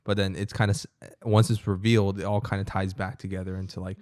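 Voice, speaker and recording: A man's voice: low voice, little pitch movement, fast, a little mellow, no room sound, clean studio sound. A young man co-hosting a podcast, chatting casually, rambling with lots of fillers and freely swearing. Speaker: podcast co-host. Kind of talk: casual chat.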